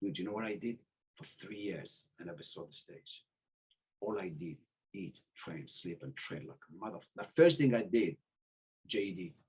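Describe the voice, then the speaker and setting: A middle-aged man telling stories in casual chat, animated, acting out the voices of the people he quotes and swearing freely. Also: low voice, moderate pace, slightly rough. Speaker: podcast guest telling stories.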